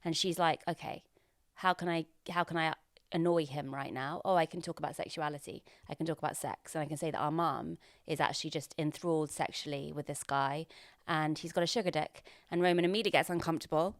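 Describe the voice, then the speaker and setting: Low-voiced woman chatting on a podcast, acts out the quotes, dry close sound. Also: steady tone, fast talker, no echo. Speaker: podcast co-host. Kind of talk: casual chat recapping a TV episode.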